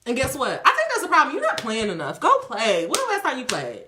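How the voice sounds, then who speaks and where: A woman giving a casual spiritual reading, animated and profane, laughing often. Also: sits high, fast talker, background noise. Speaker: tarot reader. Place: a room at home. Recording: echoey room.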